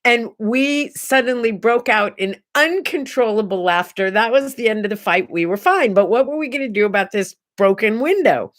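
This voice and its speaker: A woman's voice: fairly high pitch, lively intonation, normal speed, hardly any pauses. A middle-aged American woman hosting a casual solo talk show, chatting in a rambling way and telling stories with many asides. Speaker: host.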